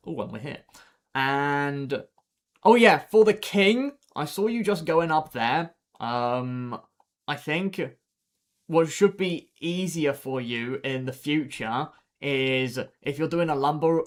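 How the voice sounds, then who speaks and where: A man's voice: mid-range voice, fairly bright tone. A man streaming a game live, rambling and exasperated as he gives teammates step-by-step directions, sounding tired. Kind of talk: live gameplay commentary.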